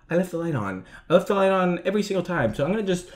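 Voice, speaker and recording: A man's voice: sits high, lively intonation, fast, few pauses, very noisy. A young man commentating a horror game playthrough, jumpy and swearing, yelping and laughing at the scares. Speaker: gaming video host.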